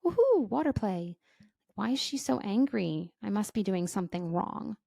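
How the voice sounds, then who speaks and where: A woman voicing a small child who is puzzled by a frustrated mother, speaking in a soft, wondering tone. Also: medium pitch, very animated, moderate pace, gravelly, no echo, clean studio sound, heavily acted.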